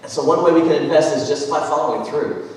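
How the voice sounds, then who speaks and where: A man's voice: a little high, fast talker. Male pastor who preaches with chatty storytelling, recorded from afar in a reverberant sanctuary. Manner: conversational, animated storytelling. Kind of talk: sermon. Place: large church sanctuary. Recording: echoey church hall, mic far off.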